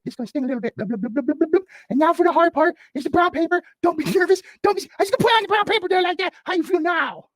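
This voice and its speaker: A man's voice: very high voice, a bit bright, no room sound, pitched above the performer's own voice. A man voicing a fussy, chattering nurse in a raised, cartoonish voice. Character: chatty nurse treating a patient.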